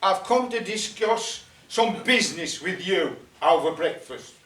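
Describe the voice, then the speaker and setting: A man's voice: sits high, animated, measured pace, a bit bright. An older man voicing a hungry, businesslike little male goblin in a matter-of-fact way. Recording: echoey room, mic at a distance.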